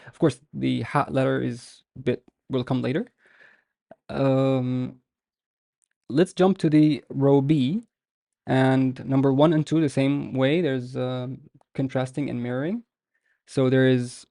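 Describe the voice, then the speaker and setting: A man talks through a beginners' lesson at an unhurried, deliberate pace, pausing on fillers and repeating each example word again and again. His voice is mellow with a gravelly edge, recorded dry and close. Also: mid-range voice, fairly even intonation, dry recording. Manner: patient, repeats words slowly with many fillers. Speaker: language teacher. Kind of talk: slow explanatory lesson.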